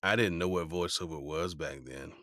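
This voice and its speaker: A male voice actor with a very low voice tells stories at a moderate pace as a guest in a relaxed interview. He's an animated storyteller who slips into playful voices for quotes, recorded in a dry booth with no room sound.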